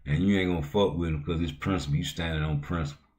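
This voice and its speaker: A man hosting a livestream, talking in loose, profane, slang-heavy banter that heats up into loud outbursts. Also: low voice, steady tone, fast talker. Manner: heated, rising to loud outbursts. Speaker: livestream host. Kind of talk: casual livestream talk.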